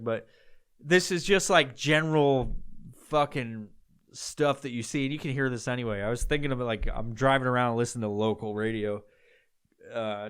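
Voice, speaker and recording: A man's voice: mid-range voice, fairly bright tone, smooth. A man from upstate New York hosting a podcast, talking in a casual, rambling, profane monologue full of digressions and restarts. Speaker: podcast host.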